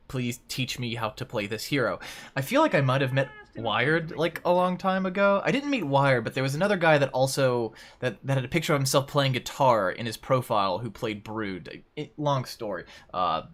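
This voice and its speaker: Man, game guide host, offhand rambling commentary, self-deprecating asides, mid-pitched voice. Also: fairly bright tone. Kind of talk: casual gameplay commentary.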